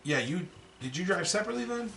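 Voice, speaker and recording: Male podcast co-host, animated storyteller, bright tone, echoey room, slightly distant mic. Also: high-pitched, fast talker, gravelly. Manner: animated, profane, laughs often, acts out quotes. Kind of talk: casual storytelling chat. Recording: roomy echo, a bit off-mic, faint background noise.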